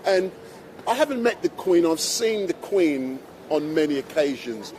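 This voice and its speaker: A man with a fairly high voice chats and exclaims through a live street interview. He holds a handheld mic outdoors, with traffic and street noise clearly audible behind him. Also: animated, measured pace, a little mellow, low-quality recording. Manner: chatty, exclaiming. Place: busy city street outdoors. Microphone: handheld microphone.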